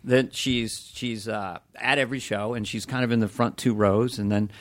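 A middle-aged man, a comedian chatting casually on a podcast, animated and often slipping into voices and laughing. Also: fairly low pitch, normal speed, no room sound. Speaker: comedian guest.

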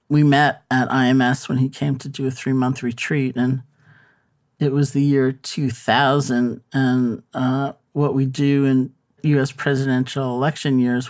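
Meditation-teacher author, male, unhurried reflective answers, average pitch. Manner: thoughtful, unhurried, with frequent fillers and restarts.

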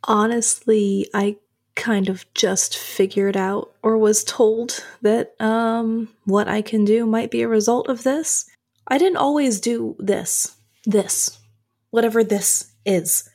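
A woman with a husky voice playing a tabletop game. She speaks in an uncertain, searching way, with pauses. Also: on the high side, fairly even intonation, darkish tone. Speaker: player.

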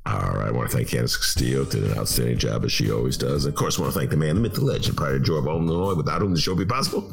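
A man's voice: rumbling low, racing, vocal fry, faint music behind. A man hosting a talk radio show, joking casually and mocking people in put-on voices. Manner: wisecracking, acts out quoted people in mocking voices.

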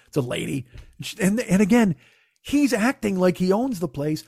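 A man spins a casual, profane anecdote, slipping into other people's voices as he quotes them. His voice sits a little high for a man and sounds dry and close to the mic, with no room behind it. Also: brisk, gravelly, husky, no echo. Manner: profane, animated, acts out quotes. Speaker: storyteller. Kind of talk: casual storytelling.

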